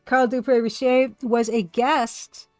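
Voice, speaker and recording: A woman's voice: on the high side, steady tone, takes it slowly, no echo, faint music behind. Chatty woman streamer, dry close sound. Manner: chatty and self-deprecating, reacting to viewer comments. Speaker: live-streaming game artist and developer. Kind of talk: casual live-stream chat.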